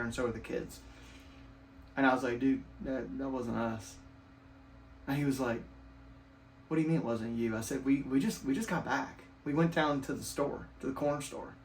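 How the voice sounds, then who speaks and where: A man's voice: medium pitch, fairly bright tone. A young man tells a ghost story in a casual, rambling way, full of fillers and repeated "you know"s. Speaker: channel host telling a ghost story. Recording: roomy home recording with faint hiss.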